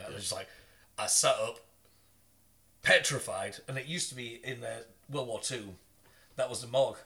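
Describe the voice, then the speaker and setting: Lively host, bright-toned, telling spooky stories with laughter. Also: male voice, medium pitch, moderate pace. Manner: animated, laughs often, swears. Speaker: podcast host. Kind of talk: casual storytelling chat.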